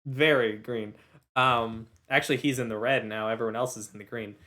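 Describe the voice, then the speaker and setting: A man acting as game master narrates combat in a tabletop game and patiently explains the rules, with filler "uhs" in between. His voice is medium in pitch, steady and sharp in tone, at normal speed.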